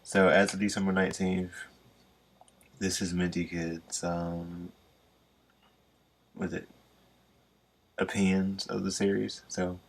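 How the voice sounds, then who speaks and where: Young male podcast host, very low gravelly voice, relaxed and prompting. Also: takes it slowly, long pauses. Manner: laid-back, prompting questions. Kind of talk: casual podcast chat.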